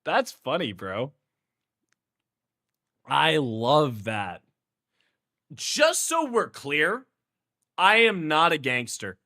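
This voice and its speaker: Goofy, slangy young man with a bright voice. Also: on the high side, very animated, very slow, long pauses. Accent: Houston. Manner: playful, goofy, slangy, laughs often. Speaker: streamer. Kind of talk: casual chat with stream viewers.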